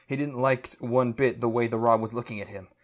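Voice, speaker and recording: A man's voice: medium pitch, steady tone, brisk. A man podcast co-host reads fan fiction aloud in a mid-range voice, tripping over clumsy sentences and fighting back laughter. The delivery is a mock-serious comic reading. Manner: stumbling, breaking into laughter while reading.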